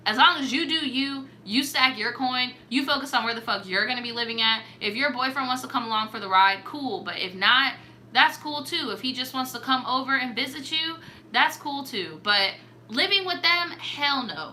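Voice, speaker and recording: A young woman hosting a casual storytime show, giving blunt, profane advice with animated reactions. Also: a little high, moderate pace, slight background noise.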